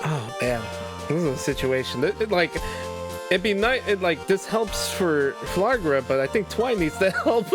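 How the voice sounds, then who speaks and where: Rambling, excitable streamer guy. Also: sits high, moderate pace, over music. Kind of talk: casual chat over a game.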